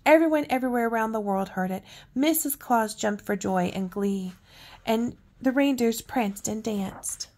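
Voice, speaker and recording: An older woman reading a picture book aloud at bedtime, with soft, coaxing asides to a child. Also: a little high, moderate pace. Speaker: storyteller.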